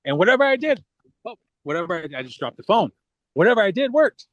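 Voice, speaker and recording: A man's voice: high voice, sing-song, quick pace, a bit bright, no room sound, muffled recording. A man, an actor as interview guest, talking casually and rambling with many restarts.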